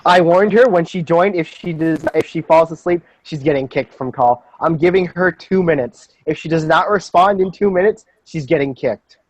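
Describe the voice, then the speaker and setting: A man's voice: fairly high pitch, normal speed, hardly any pauses, no room sound, rough recording. A young man hosting a casual group chat over a voice call, joking and sarcastic, rambling on. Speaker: podcast host.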